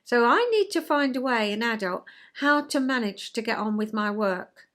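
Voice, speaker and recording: A woman, hosting a chatty vlog and explaining ideas in a gentle, conversational way, acting out little everyday scenes. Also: a little high, animated, moderate pace. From England. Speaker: vlog host, retired counsellor.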